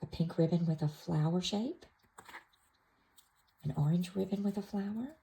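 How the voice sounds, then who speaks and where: A woman gently showing an activity book to toddlers, naming pictures in a soft, sing-song way. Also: fairly low pitch, normal speed, creaky, a little hiss or hum, rough recording. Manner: soft, sing-song, with playful animal sounds. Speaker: toddler class teacher. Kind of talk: slow, gentle show-and-tell for toddlers.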